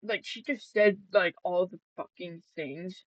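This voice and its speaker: A woman's voice: on the low side, measured pace, dry recording, highs cut off. A woman gaming vlogger telling a story in casual chat, rambling and swearing, with many fillers and restarts.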